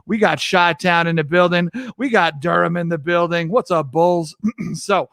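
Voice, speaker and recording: A young man hosting a livestream talk show from his home mic, energetic and hypey, greeting viewers by name and riffing casually. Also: fairly high pitch, normal speed, creaky, no echo, studio quality. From New York. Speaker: host.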